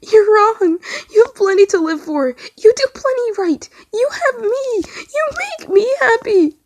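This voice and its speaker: A woman voicing a distraught young man who pleads through tears, his voice climbing high and breaking. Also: unhurried, creaky, a little mellow, exaggerated voice. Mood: sobbing pleas.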